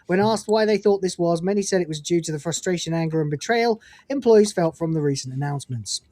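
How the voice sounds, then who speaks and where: A woman's voice: lowish voice, quick pace, dark tone. An English woman co-hosting a live gaming news stream, reading news items and breaking into blunt, profane commentary with frequent laughter.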